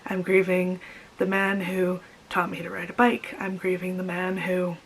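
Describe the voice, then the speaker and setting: Tearful young woman, halting confessional vlog. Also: fairly low pitch, monotone, slight background noise, poor audio. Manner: emotional, halting, repeats herself. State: crying. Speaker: vlogger.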